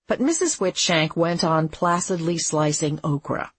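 A woman narrating a novel in a measured, unhurried reading. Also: low-pitched, husky, no echo. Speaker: audiobook narrator. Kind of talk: scripted narration.

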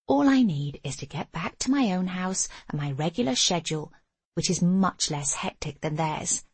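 An older woman narrating a memoir audiobook in a measured, intimate first-person voice. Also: on the low side, animated, breathy edge, dry recording.

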